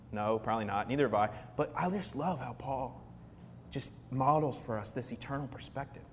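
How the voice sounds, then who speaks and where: A man, a pastor, giving a conversational, animated sermon in a church hall. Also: mid-range voice, brisk, slight background noise. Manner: conversational, animated preaching with quoted asides. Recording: reverberant hall with faint ambience.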